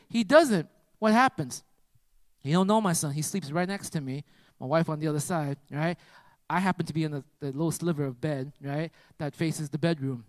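Male preacher, high voice, dry close sound; storytelling sermon, drops to a hush then surges, keeps asking "right?". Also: moderate pace, no room sound. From United States. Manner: dramatic swings from hushed to loud, constant "right?" tags.

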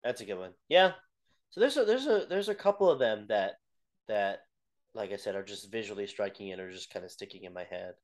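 A man co-hosting a casual podcast, speaking in a somewhat low voice. He talks in a relaxed, unhurried way, often hesitating and filling gaps with short agreements. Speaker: podcast co-host. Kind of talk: casual chat.

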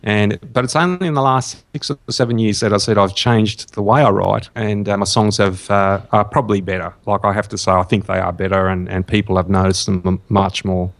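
A man's voice: lowish voice, fairly even intonation, brisk, hardly any pauses. An older man with an Australian accent, a songwriter guest chatting in an interview, hesitant and full of ums and restarts. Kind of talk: casual interview chat.

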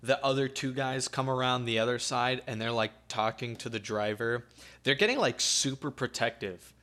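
A young man with a bright, forceful voice recounts a night out in loose, slangy chat. He swears freely and fills his sentences with "like" and "dude", in an easy storytelling rhythm. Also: medium pitch, moderate pace. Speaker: podcast co-host telling a story.

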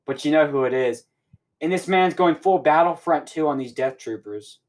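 A young man hosting a podcast, rambling excitedly through a casual recap and swearing often. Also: fairly high pitch, moderate pace. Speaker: podcast host.

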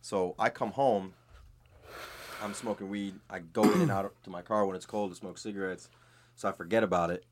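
A man's voice: lowish voice, normal speed, noisy background. A young man co-hosting a podcast, telling stories in casual chat and swearing freely. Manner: animated storyteller, swears freely. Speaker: podcast co-host.

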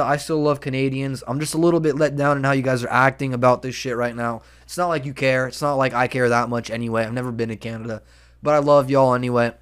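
A man's voice: mid-range voice, clean tone. Man ranting with "dude" and "man". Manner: profane and excitable, peppered with "dude" and "man". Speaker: podcast host. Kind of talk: solo podcast rant.

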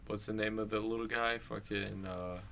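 A man's voice: on the low side, fairly even intonation, moderate pace, gravelly, a bit bright, slight background noise. A young man co-hosting a podcast in casual chat, laid-back, swearing freely. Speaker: podcast co-host.

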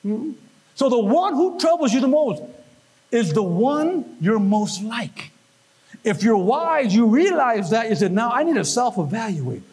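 A man preaching a sermon, animated, with call-and-response and questions to the congregation. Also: very high voice, a little slow, husky. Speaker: pastor.

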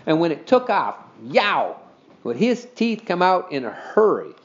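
A man narrating a children's storybook in an animated, expressive reading style. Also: sits high, a little slow, muffled recording. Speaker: audiobook reader.

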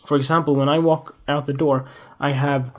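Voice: mid-range voice, flat delivery, moderate pace. A photographer hosting a casual solo podcast, rambling and giggly, with playful asides and frequent restarts.

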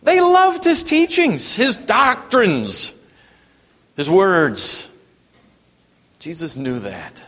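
A man preaching a sermon, dropping to a hush and then rising to emphatic, raised passages. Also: sits high, big pitch swings, very slow, long pauses. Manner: wide swings from hushed to emphatic preaching. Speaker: pastor. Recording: long reverb in a hall.

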